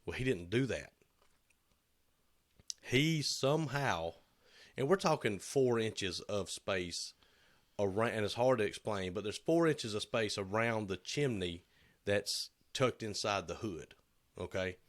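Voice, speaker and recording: A man, co-hosting a relaxed podcast. His voice sits a little low, and he tells shop stories, acting out what people said along the way. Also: unhurried. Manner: storytelling, acts out quoted voices. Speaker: co-host. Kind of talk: casual podcast chat.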